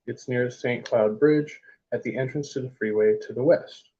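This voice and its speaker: A man casually reading book passages aloud in a vlog, with offhand asides and halting attempts at French. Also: mid-range voice, warm tone, highs cut off. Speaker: vlogger.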